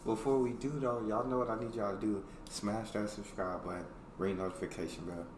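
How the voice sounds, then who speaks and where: A man from the United States hosting a reaction video in a laid-back, slangy chat, laughing loudly. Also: fairly low pitch, fairly even intonation, fairly quick, reverberant, distant mic, background noise. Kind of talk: casual chat.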